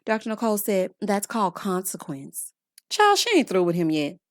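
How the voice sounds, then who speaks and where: A woman vlogger recaps a reality show for her viewers, sassy and exasperated, calling them honey and child. Her medium-pitched voice swings hugely in pitch at a moderate pace, with studio-quality sound and no room noise.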